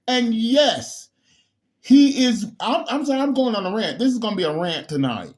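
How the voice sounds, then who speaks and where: Heated, high-voiced man on a rant. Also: lively intonation, normal speed. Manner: heated, preachy, repeats words and restarts, sudden loud outbursts. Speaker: bishop. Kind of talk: political rant to camera.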